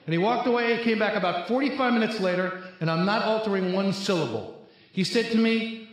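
A middle-aged man with a slightly higher voice tells a funny personal story to a crowd. He acts out each quoted line like a seasoned storyteller. His voice booms through a very echoey large hall. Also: brisk. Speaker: speaker at a recovery convention. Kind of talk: humorous personal testimony. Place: large convention hall, live audience.

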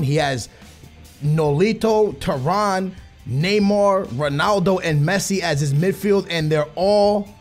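A young man giving excitable live commentary on his own football video game matches, muttering while he concentrates and yelling when he scores. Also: a little high. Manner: excitable, bursts into shouting at goals. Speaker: gaming YouTuber.

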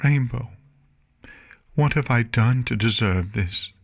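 A man's voice: medium pitch, slow pace, creaky, pitched above the performer's own voice. A man doing a tearful young unicorn mare. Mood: sobbing. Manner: pleading, tearful. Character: young female unicorn, frightened and grieving. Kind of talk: audiobook reading.

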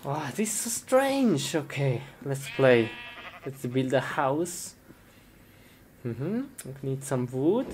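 Woman, low voice with fry, exclaiming in broken English, noisy recording. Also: very animated, slow pace. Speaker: comedy skit performer. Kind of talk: comedy skit acting.

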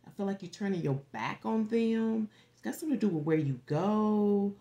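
A woman giving a casual tarot forecast, rambling and animated, dropping to a whisper at times and swearing freely. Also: medium pitch, normal speed, highs cut off. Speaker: tarot reader.

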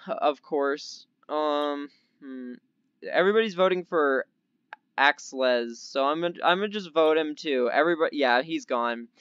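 A young man giving casual, excitable gameplay commentary as a gaming YouTuber, easily startled and chatty, with a slightly odd put-on accent. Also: on the high side, clear, resonant tone, no room sound, muffled recording.

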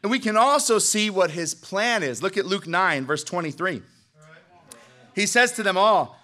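High-voiced middle-aged pastor guy, emphatic, keeps asking for amens. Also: animated, moderate pace, pushed and bright. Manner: emphatic, calls for amens from the congregation. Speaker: preacher. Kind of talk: sermon. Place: church sanctuary.

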